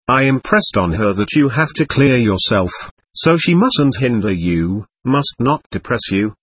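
Man doing an old police captain, fatherly, earnest, husky, dry close audiobook. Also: mid-range voice, dry recording. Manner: warm, fatherly, earnest urging. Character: kindly older male police captain, excitable.

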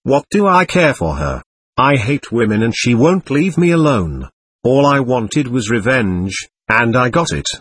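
A man voicing the bitter, jealous ghost of a young man, speaking in a stubborn, accusing way with a husky voice. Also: medium pitch, sing-song, unhurried, dry recording. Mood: resentful.

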